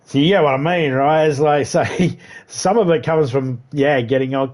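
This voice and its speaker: A man's voice: on the high side, moderate pace, a little mellow. An Australian man on a livestream telling rambling stories in a profane, sarcastic, casual way. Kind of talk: casual storytelling chat.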